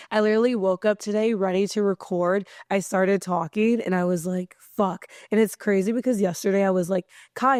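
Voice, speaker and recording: Hoarse, chatty woman podcast host. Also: medium pitch, darkish tone, dry recording, studio quality. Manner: chatty, rambling, swears casually. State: losing her voice, hoarse. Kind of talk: casual solo podcast chat.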